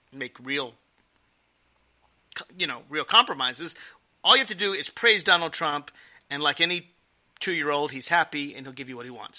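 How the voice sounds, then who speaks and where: Sharp, animated man giving commentary. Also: a little high. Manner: emphatic, sarcastic. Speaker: political commentator. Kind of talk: explanatory commentary.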